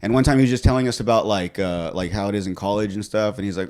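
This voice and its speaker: A man's voice: lowish voice, steady tone, racing, hardly any pauses, darkish tone. A man in a casual podcast chat, joking about himself and laughing a lot. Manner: self-mocking, laughing, lots of fillers. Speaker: podcast co-host.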